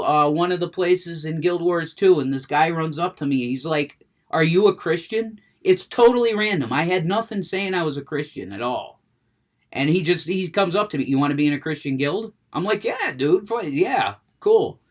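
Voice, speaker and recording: A man rambling about video games in a casual monologue, stammering, restarting sentences, cursing freely. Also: on the high side. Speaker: gaming vlogger.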